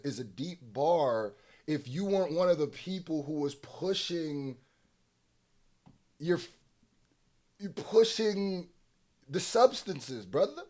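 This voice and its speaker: Guy doing a reaction vid, kinda high voice, jokey and loud at times. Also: slow pace, pauses often. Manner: animated, laughs often, bursts into loud teasing. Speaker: reaction video host. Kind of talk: casual commentary.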